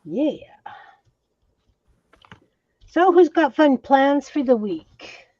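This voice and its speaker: A middle-aged woman hosting an art live stream, chatting in an easygoing way and thinking out loud. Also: sits high, sing-song, takes it slowly, no room sound. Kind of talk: casual chat. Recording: dull, dry online stream audio.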